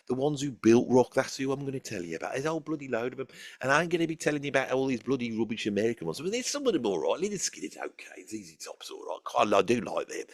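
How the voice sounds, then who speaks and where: Man doing a rambling aged Brummie rocker, Birmingham accent, gravelly fry, bouncy up-and-down voice, dry close sound. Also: mid-range voice, no room sound, close to an everyday voice. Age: older. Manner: rambling, repetitive, swears mildly, chummy asides to listeners. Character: aged, rambling, foul-mouthed old Birmingham male rock fan. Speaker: channel host in character. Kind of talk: comic character monologue.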